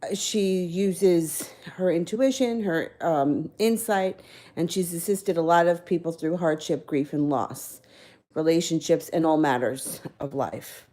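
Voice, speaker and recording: Woman, tarot reader, live stream, casual and rambling, self-correcting, low mellow voice. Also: measured pace. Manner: chuckles between phrases.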